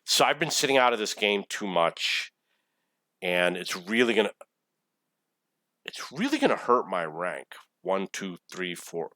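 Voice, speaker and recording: Forties guy ranting over his game replay, swears a lot, kinda low voice, dead dry mic. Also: very animated, measured pace, long pauses, bright, forceful tone, no echo. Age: 40s. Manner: rambling, profane, easily irritated. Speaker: gamer commentating his replay. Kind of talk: casual gameplay commentary.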